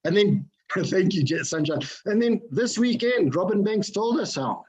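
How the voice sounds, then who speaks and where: A man giving an energetic motivational talk to an online group. He keeps asking his listeners questions and repeats his phrases for effect. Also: sits high, normal speed, muffled recording, slight background noise. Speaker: motivational speaker.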